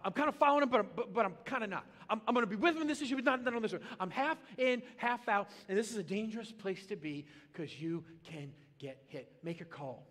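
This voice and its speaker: A man preaching a sermon as pastor, animated and comic, swinging into loud excited bursts. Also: high voice. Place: church auditorium. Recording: long reverb of a large hall.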